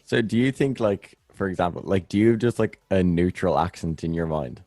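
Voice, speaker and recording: Low-voiced young Irish man, dry sound. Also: a little fast, mellow, no echo. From Ireland. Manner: easygoing, hesitant restarts. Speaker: podcast host. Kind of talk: casual chat.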